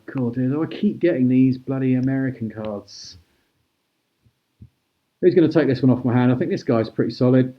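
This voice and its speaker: A man hosting a live-stream auction, chatty and brisk as he calls out prices and thanks bidders. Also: mid-range voice, lo-fi sound. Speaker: host auctioning cards.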